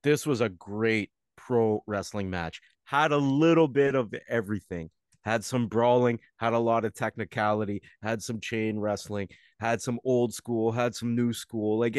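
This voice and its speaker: Man, podcast co-host, casual, rambling, middle pitch, dry close sound. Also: clean tone, no echo. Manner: rambling, with frequent fillers and restarts.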